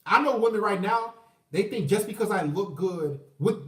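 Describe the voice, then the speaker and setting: High-voiced ranting man in his thirties. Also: moderate pace, far from the mic. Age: 30s. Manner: profane, rambling, mocking voices, shout-outs to viewers. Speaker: livestream host. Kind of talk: ranting livestream commentary. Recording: roomy echo, away from the mic.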